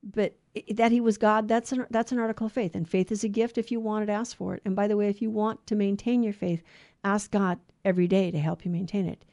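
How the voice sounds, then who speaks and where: A woman's voice: mid-range voice, steady tone, fast, warm tone, dry recording, clean studio sound. A middle-aged woman co-hosting a Catholic radio Bible study, talking in an earnest, conversational way with frequent restarts.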